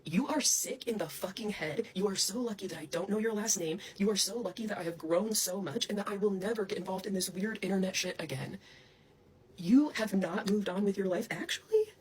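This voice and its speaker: Husky young woman, furious camera-facing rant, cutting and full of swearing. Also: mid-range voice, fairly quick, a little mellow. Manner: profane, accusatory, cutting. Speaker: online personality. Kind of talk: angry direct-to-camera rant.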